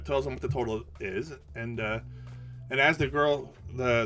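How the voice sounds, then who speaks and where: A man telling a retail work story in a casual rant, animated and full of restarts. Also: mid-range voice. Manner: animated, acts out the people in his story; repeats and restarts words often. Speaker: storytelling vlogger.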